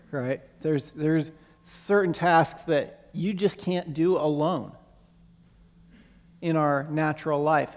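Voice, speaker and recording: Man, fairly high voice, earnest sermon teacher who restarts phrases, long hall reverb. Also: darkish tone. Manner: earnest, repeats words while searching for phrasing. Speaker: Bible teacher.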